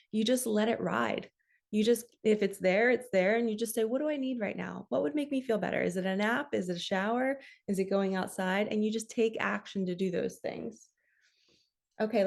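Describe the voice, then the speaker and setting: A middle-aged woman giving a heartfelt spiritual card reading, talking softly and directly to her viewers. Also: mid-range voice. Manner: soft, heartfelt, tearful at times.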